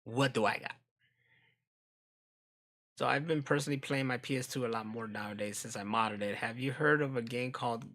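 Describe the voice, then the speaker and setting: A man's voice: medium pitch, a bit bright. An American man streaming, chatting casually and profanely while reacting to videos, often laughing. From United States.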